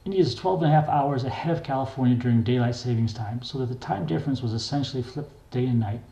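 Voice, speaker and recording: An older man reads his own memoir aloud in a plain, wry, unhurried way. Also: medium pitch, creaky, dark tone. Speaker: memoir reader. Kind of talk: memoir narration. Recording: echoey room.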